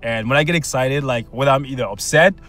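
A man hosting gameplay commentary, his voice sitting at an ordinary middle pitch. He chats casually and coaxes the game along with slang and pet names, ready to break into loud cheers. Soft music plays faintly underneath. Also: quick pace. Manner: bursts into loud shouts and cheers when excited. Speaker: gaming channel host.

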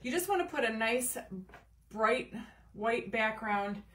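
A woman's voice: on the high side, animated, slow pace, over loud music. A middle-aged woman hosting a casual crafting livestream. She chats along, greets viewers by name and drifts into rambling asides. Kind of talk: casual live crafting chat. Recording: slightly distant mic with faint room noise.

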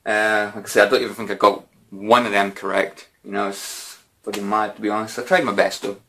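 A man's voice: on the low side, level tone, brisk, bright, forceful tone. A man answering viewer questions in a casual, rambling way, with lots of fillers and mild swearing. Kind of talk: casual Q&A chat.

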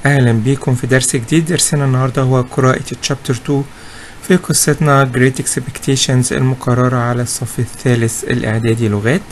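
A man's voice: medium pitch, a little hiss or hum. A male English teacher with an Egyptian accent, a native Arabic speaker, friendly as he opens an online lesson.

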